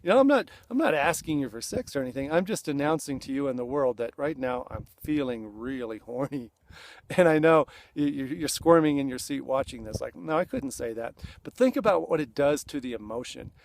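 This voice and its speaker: A man's voice: medium pitch, animated, brisk, no echo. A middle-aged man coaching other men in a direct-to-camera talk, earnest and plain-spoken, acting out blunt confessions. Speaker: men's coach.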